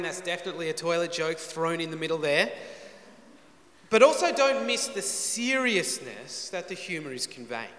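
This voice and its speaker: A man preaches, reading Bible verses with drama and breaking off for dry, joking asides. His voice is slightly high and bright, with a forceful edge. The sound is roomy, with a long hall reverb. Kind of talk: expository sermon.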